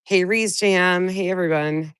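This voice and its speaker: A woman with a stuffed-up nose from a cold talks on a live stream, low in pitch for a woman. She swears freely and vents bluntly, stopping to greet chat viewers by name. Her voice sounds dry and close, with no room echo. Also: unhurried, a bit bright, smooth. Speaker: livestream host.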